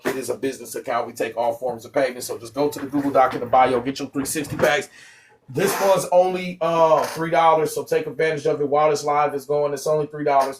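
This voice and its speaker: A man hosting a casual livestream, talking in an animated, profane, joking way that often bursts into yelling. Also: mid-range voice. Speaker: livestream host.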